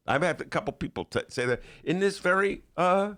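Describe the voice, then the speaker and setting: A man hosting a podcast from a studio, riffing on politics with mocking sarcasm and loose, animated talk. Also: high voice, a little fast. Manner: animated, mocking, shifts into put-on voices. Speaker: podcast host. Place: radio studio.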